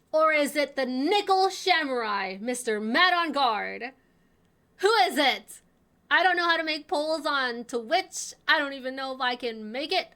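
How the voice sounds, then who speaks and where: A woman streaming a game, commenting in an excitable, exclaiming way. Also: high-pitched. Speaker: gaming streamer. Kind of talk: let's play commentary.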